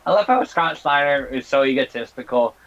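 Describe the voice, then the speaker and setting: Irreverent, bright-voiced male co-commentator. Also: medium pitch, expressive, fairly quick, highs cut off. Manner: irreverent, swearing, laughing. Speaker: wrestling game co-commentator. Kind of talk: casual color commentary.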